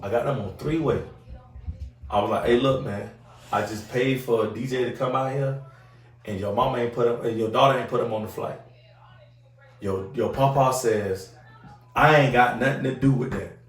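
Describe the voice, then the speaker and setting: A man's voice: mid-range voice, moderate pace, long pauses, faint music behind. A man, the podcast host, telling a long story in casual chat, acting out other people's voices and swearing a lot. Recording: roomy sound from a distant mic.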